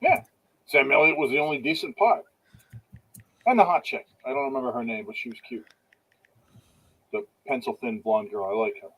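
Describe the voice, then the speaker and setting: A man's voice: mid-range voice, moderate pace, pauses often, fairly bright tone, breathy edge, rough recording. A man co-hosting a casual live-streamed chat, joking and teasing his co-hosts. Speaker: co-host.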